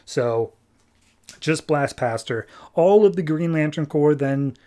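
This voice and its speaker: A man hosting a podcast, casually retelling a comic book story and slipping into quick character voices. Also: on the high side, lively intonation, mellow. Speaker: podcast host.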